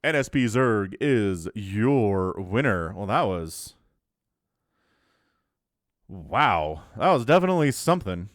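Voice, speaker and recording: A man casting a strategy game match alone, with excitable, jokey play-by-play. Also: lowish voice, slow pace, long pauses, no room sound. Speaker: esports caster. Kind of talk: solo game commentary.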